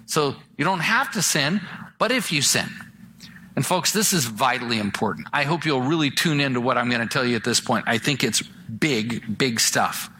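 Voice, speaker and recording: A man preaching a sermon as a pastor, talking conversationally and slowing down to stress key phrases. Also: mid-range voice, expressive, sharp tone, breathy edge, poor audio. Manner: conversational preaching, acts out imagined voices; slows down for emphasis on key phrases.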